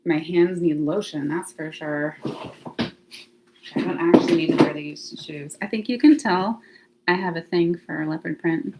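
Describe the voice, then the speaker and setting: A woman's voice: low-pitched, unhurried, heavy background noise. A woman hosting a casual livestream from her home, chatting to viewers and thinking aloud with frequent laughs. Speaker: livestream host. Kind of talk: casual live chat to viewers. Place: home, near laundry closet.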